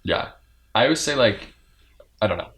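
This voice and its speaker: A man's voice: lowish voice, expressive, moderate pace, a bit bright. A man hosting a podcast in casual chat, talking in a chatty, meandering way with plenty of filler words. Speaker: podcast host.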